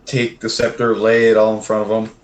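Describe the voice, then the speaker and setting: A man's voice: lowish voice, monotone, fairly quick. Swaggering man player. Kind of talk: tabletop role-play.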